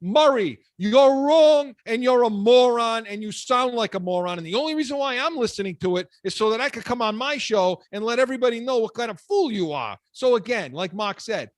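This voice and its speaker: High-voiced fired-up sports radio host man. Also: no room sound. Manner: fired-up, ranting, repeats words when worked up. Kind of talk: heated sports talk.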